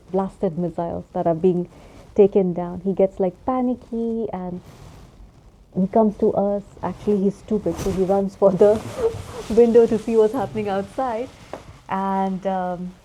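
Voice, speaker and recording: A woman's voice: mid-range voice, steady tone, unhurried, warm tone, slight background noise. A woman chatting casually through a perfume review, rambling and easily distracted.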